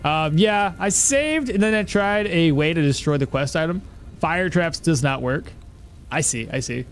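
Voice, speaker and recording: A man's voice: fairly high pitch, expressive, measured pace, a little hiss or hum. A man streaming a video game, chatting casually, thinking aloud and answering his chat as he plays. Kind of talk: live gameplay commentary.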